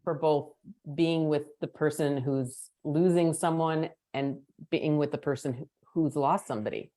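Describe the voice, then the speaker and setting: A woman with a notably low voice hosts the conversation. She talks in a thoughtful, reflective way, pausing to work through her ideas. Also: steady tone, warm tone. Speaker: podcast host. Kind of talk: podcast conversation.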